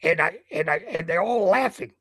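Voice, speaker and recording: Older man, gravelly animated storyteller. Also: high-pitched, normal speed, dry recording, poor audio. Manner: lively storyteller who acts out scenes. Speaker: boxing ring announcer, guest. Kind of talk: animated anecdote telling.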